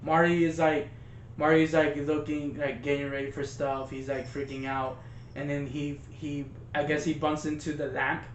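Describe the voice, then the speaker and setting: A man's voice: a little high, flat delivery, normal speed. A man co-hosting a casual movie review, retelling scenes with laughs and acted-out quotes. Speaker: podcast co-host. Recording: echoey lo-fi room with faint noise.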